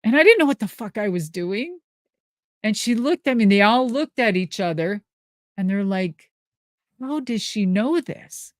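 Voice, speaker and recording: Lively, profane storyteller woman from Minnesota. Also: medium pitch, normal speed, no room sound, studio quality. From Minnesota, USA. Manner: lively, profane, laughs often. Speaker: guest answering live questions. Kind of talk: casual storytelling.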